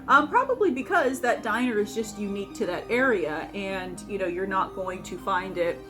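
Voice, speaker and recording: A woman's voice: medium pitch, lively intonation, normal speed, hardly any pauses, over music. A young woman hosting a casual food vlog, rambling with many fillers and restarts. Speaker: vlogger and host.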